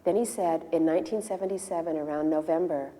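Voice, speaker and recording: Low mellow woman in reverberant hall. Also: fast. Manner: storytelling, acts out quoted dialogue. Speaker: disciple sharing memories. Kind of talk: casual spoken reminiscence.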